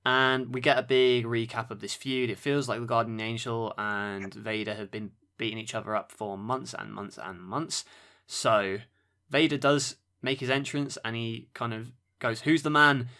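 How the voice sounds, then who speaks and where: A man's voice: medium pitch, level tone, normal speed, bright, forceful tone. A man hosting a wrestling podcast, giving dry play-by-play with sarcastic asides. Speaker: podcast host. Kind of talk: wrestling match review commentary.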